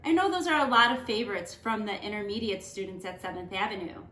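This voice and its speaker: A woman teacher reading a picture book aloud to children, slow and emphatic as she counts out syllables. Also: medium pitch, animated, fairly bright tone, reverberant. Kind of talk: lesson and read-aloud for children.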